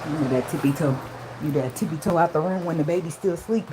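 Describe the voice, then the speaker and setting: Profane joking woman, low voice, noisy phone. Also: quick pace. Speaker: tarot reader. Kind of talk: casual spiritual reading vlog.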